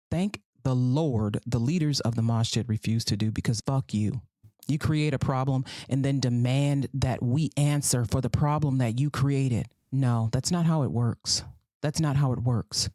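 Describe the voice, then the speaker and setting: With no room sound at all, this US podcast host's rumbling low, darkish voice carries her solo commentary. She's sarcastic and swears freely, hammering points by saying them again and dropping into mocking impressions.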